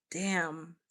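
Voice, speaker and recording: A young woman from the United States hosting a casual livestream, chatting with viewers in an animated way full of "like" fillers. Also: on the low side. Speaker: livestream host. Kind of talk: casual livestream chat, reacting to viewer comments.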